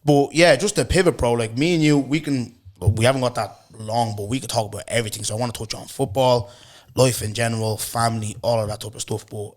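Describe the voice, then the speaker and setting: Irish man telling a lively story. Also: medium pitch. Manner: animated, laughs often, acts out quotes. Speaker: podcast host. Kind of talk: casual storytelling chat.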